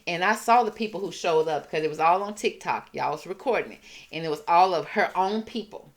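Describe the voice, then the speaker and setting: A woman hosting a casual commentary show, reacting in a sassy, mocking way. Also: lowish voice. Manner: sassy, mocking, drawn-out emphasis. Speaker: commentary channel host.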